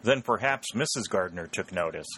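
A man's voice: low-pitched, expressive, normal speed, bright, forceful tone, slight background noise, poor audio. A man voicing a shrewd, wheedling army lieutenant in a storybook reading. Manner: wheedling, vexed.

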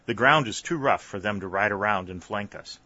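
A man voicing a steady army sergeant in an audiobook, sharp and commanding. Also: on the low side, normal speed, husky. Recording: slightly dull, dry recording.

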